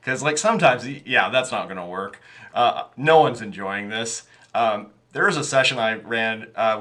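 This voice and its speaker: A medium-pitched man with a pushed, bright voice guests on a podcast as a game master. In casual interview chat about running tabletop games, he rambles with lots of fillers and restarts.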